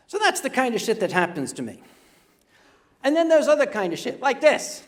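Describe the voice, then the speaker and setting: An older man with a notably high voice tells a funny tale live on stage before a convention crowd. He stumbles over his words, repeats himself and breaks off for joking asides to the audience. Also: huge pitch swings, moderate pace, a little hiss or hum. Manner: comic, stammering, chatty asides to the audience. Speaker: storyteller.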